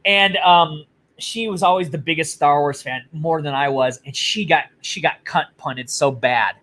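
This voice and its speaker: A man's voice: a little high, a little slow, fairly bright tone. A man co-hosting a casual chat, telling stories in a blunt, profane way. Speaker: podcast co-host.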